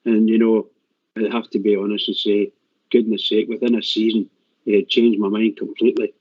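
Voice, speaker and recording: A man's voice: fairly low pitch, little pitch movement, brisk, dry recording. A man speaking on a call-in show, heartfelt and repeating himself. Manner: repetitive, heartfelt. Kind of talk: casual call-in chat. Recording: dull lo-fi stream audio.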